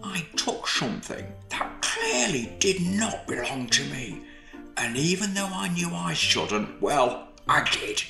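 A man's voice: on the high side, very animated, slow pace, vocal fry, bright, forceful tone, roomy sound, soft background music, voice pushed up, heavily acted. A man voicing a remorseful, jolly old Father Christmas. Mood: regretful.

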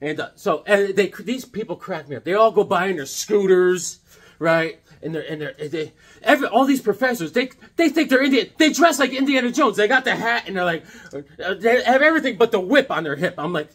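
A man's voice: sits high, expressive, fairly quick, a bit bright, slightly rough. A man showing off his comic book collection in a rambling, joking way, often acting out little conversations in silly voices. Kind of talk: casual comic collection show-and-tell.

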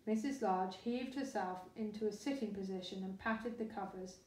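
A woman storyteller reading a children's storybook aloud in a lively, expressive way, with a distant, echoey sound. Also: mid-range voice, moderate pace. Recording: roomy echo, distant mic.

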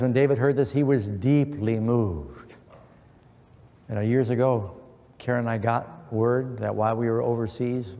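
A man's voice: medium pitch, warm tone. A middle-aged man preaching an earnest sermon, quoting scripture with emphasis. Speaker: pastor. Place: church. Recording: long church reverb.

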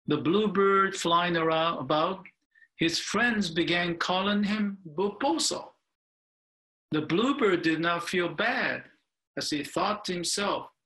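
An older male minister reads a picture book aloud at a slow, unhurried pace. His voice is bright and a little high, and he pauses now and then to explain the story. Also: poor audio. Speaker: Buddhist minister. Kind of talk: reading a picture book within a sermon.

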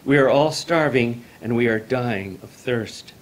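A man's voice: medium pitch, measured pace, voice pushed up, natural voice. A man voicing a crowd of alarmed villagers crying out in despair. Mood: desperate. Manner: alarmed, pleading.

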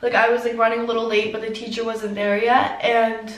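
A woman's voice: a little high, little pitch movement, fairly quick, reverberant, far from the mic, low-quality recording. Tearful teen girl vlogger. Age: teens. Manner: tearful, heavy use of "like". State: crying. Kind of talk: emotional storytime.

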